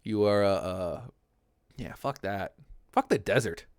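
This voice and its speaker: A man's voice: on the low side, a little slow, dry recording, studio quality. A man ranting casually on a livestream, rambling and swearing, laughing often and answering his chat. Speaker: streamer reading chat.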